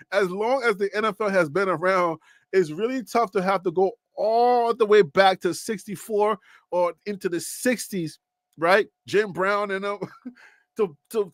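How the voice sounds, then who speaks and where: A man's voice: high voice, moderate pace, no room sound, studio quality. Fired-up man talking football. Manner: animated, informal, repeats himself while building a point. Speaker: sports show host. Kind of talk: casual sports commentary.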